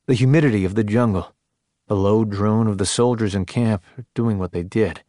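Low-voiced male audiobook narrator, dry. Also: no echo. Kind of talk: scripted narration.

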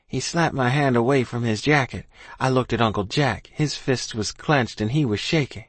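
A man narrating a story in first person, in an earnest, steady manner. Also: mid-range voice, normal speed, dry recording. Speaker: audiobook narrator.

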